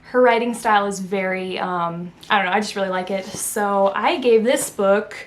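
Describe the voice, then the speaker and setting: A woman's voice: medium pitch, normal speed, a little hiss or hum. A young woman chatting casually in a vlog, rambling with lots of fillers and self-corrections and poking fun at herself. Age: young adult. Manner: self-deprecating, laughs at herself. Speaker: book vlogger. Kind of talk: casual chat.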